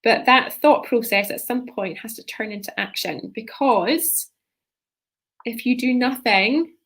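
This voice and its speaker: A woman coaching viewers on a live stream, with a voice pitched a little above the usual. She talks loosely and rambles, and she often checks in with a quick "right?". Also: gravelly, a bit bright, slightly rough. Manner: rambling, tags sentences with "right?". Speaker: leadership coach.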